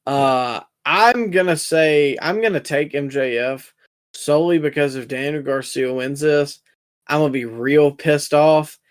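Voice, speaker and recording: A young man co-hosting a casual wrestling review podcast, talking in an animated, sarcastic way. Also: mid-range voice. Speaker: podcast co-host.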